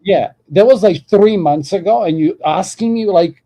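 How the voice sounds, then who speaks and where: A man's voice: sits high, moderate pace, hardly any pauses, mellow, rough recording. A man hosting a call-in panel, rambling casually and filling his talk with "like.". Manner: rambling, peppers speech with "like". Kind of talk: casual argumentative chat.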